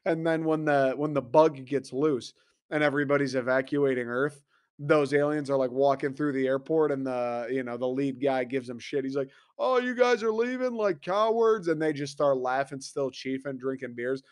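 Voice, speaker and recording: A man's voice: medium pitch, flat delivery, normal speed, darkish tone, smooth, no echo, studio quality. A young man hosting a solo podcast, rambling casually, swearing freely and acting out little voices as he talks. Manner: rambling, profane, acts out voices. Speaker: podcast host.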